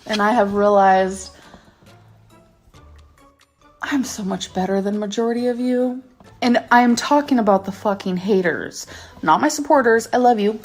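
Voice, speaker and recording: A woman in her thirties ranting angrily to camera in a vlog, swearing and stressing her words. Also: mid-range voice. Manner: angry, profane, emphatic rant. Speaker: YouTuber.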